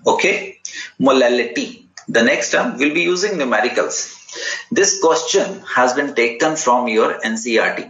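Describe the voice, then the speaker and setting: A man's voice: mid-range voice, animated, moderate pace, fairly bright tone. A man with an Indian English accent teaching a chemistry class, explaining terms patiently, repeating key words and checking in with students. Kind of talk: classroom lecture. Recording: roomy, slightly dull recording.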